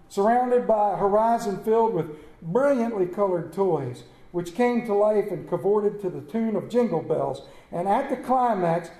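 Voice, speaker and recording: A man preaching a sermon, telling folksy stories with animated delivery and rhetorical questions to the congregation. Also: high-pitched. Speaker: pastor. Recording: echoey room.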